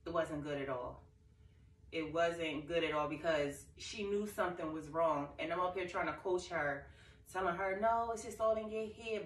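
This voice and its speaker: A woman's voice: sits low, a bit bright. A young woman vlogging to camera, telling an emotional, rambling story in casual talk. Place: living room. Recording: echoey room, far from mic.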